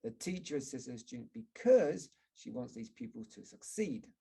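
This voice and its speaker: Man, English teacher, gravelly voice, a bit husky, measured teaching talk, models example words. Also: on the high side, sing-song, warm tone. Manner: measured, pauses to model word stress with examples. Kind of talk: explanatory teaching talk over slides.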